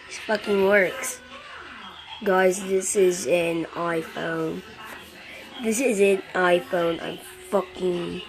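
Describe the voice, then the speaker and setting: A woman giving rambling, excitable commentary while playing a mobile game, swearing a lot, recorded on a phone mic. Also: lowish voice, creaky. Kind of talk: casual gameplay commentary. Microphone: phone microphone during screen recording. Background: game music.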